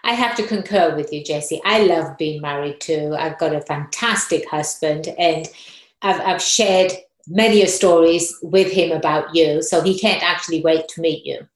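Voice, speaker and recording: A woman's voice: low-pitched, moderate pace. A woman hosting an interview show, upbeat and encouraging, recorded with a roomy echo. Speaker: host.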